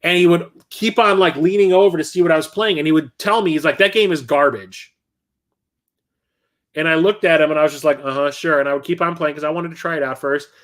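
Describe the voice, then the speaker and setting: Racing along with few pauses, a middle-aged livestream host with a slightly high voice spins a rambling story. He casually acts out each person in it, giving them animated quoted voices.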